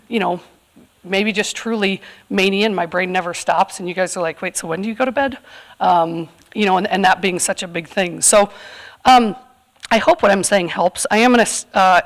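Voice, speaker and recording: A woman from California, in her thirties, speaking candidly and earnestly to a live audience, with frequent fillers. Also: mid-range voice. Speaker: community event speaker. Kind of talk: personal talk to a live audience.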